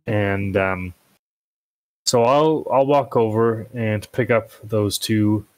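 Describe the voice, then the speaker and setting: A man's voice: fairly low pitch, fairly even intonation, slow pace, low-quality recording. A man playing a tabletop game, thinking aloud and asking the game master questions. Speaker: player. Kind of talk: casual tabletop play.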